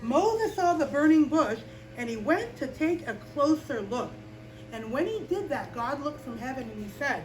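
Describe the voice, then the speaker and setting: A woman teaching children in chapel, telling a Bible story with lively energy and questions to the children. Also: high voice, measured pace, music in the background. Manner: animated, asks the children questions. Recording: echoey room from a distance with faint noise.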